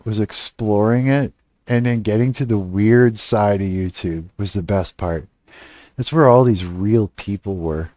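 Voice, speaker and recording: A man's voice: lowish voice, unhurried, a little mellow, no room sound, clean studio sound. A man in his thirties from Canada, chatting casually on a livestream, rambling and swearing, trailing off and laughing often.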